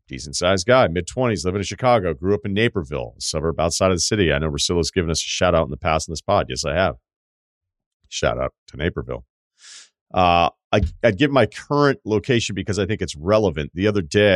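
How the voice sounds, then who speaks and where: A man with a fairly low voice hosts a casual podcast advice segment, reading listener letters aloud. He talks in a candid, joking way, drifting into rambling asides. The sound is dry and close, with no room echo. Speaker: podcast host.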